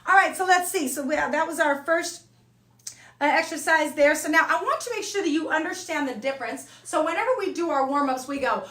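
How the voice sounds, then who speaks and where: A woman's voice: high-pitched, brisk, pushed and bright, echoey room, far from the mic. A woman voice coach teaching an online singing lesson, talking casually and checking in with "okay?" and "all right?" between points.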